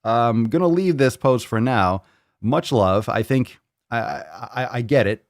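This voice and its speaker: A man's voice: medium pitch, a little slow, no room sound. Guy hosting a fitness podcast, goofy and hyped, cusses a lot, dry close sound. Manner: joking, animated, swears freely. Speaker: podcast host. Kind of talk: casual chat.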